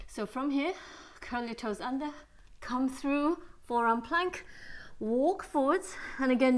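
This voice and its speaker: Slightly breathless woman guiding yoga. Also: fairly high pitch. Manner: calm, steady cueing of breath and poses. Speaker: yoga teacher. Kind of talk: guided yoga class instruction.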